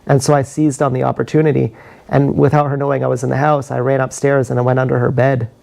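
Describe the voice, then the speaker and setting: A man's voice: medium pitch, flat delivery, quick pace, vocal fry, a little mellow. A man talking in a meandering, confessional way on a livestream, laughing at his own stories. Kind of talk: rambling livestream monologue. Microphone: action camera.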